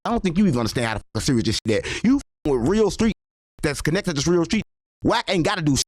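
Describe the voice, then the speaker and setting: A middle-aged man arguing heatedly as a podcast guest, loud and repetitive, cutting in again and again. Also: a little high, sing-song, quick pace. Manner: loud, repetitive, keeps saying listen and come on gang. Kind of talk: heated argument.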